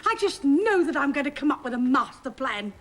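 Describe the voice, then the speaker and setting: A woman's voice: sing-song, a little fast. A woman playing a bossy, gloating wicked witch who hates children, in a 1980s children's TV comedy. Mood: gleeful. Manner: imperious, shrill and gloating. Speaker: villain in a children's TV show.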